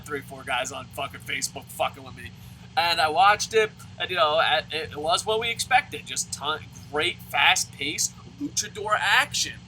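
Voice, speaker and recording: Excitable, swearing man ranting about wrestling. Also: on the high side, a little hiss or hum, rough recording. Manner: excitable, swears constantly, sarcastic, repeats and restarts. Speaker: wrestling show reviewer. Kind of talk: casual profane rant to camera.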